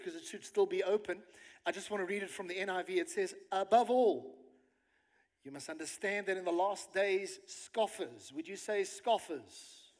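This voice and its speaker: A man, a pastor preaching a sermon and reading scripture with emphasis. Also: high-pitched. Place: church hall. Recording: long hall reverb.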